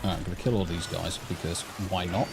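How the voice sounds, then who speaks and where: This middle-aged man's English accent comes through a deep, creaky voice with fairly even intonation and a quick pace, against a noisy background. Streaming a game live on a studio mic via a mixing console, he rambles casually, swears, and pokes fun at himself.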